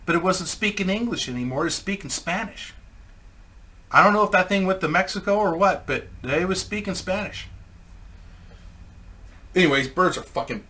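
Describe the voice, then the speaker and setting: A man with a fairly high, bright, forceful voice tells a rambling comic anecdote. He is crude and casual and laughs along at his own story. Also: animated, normal speed, pauses often.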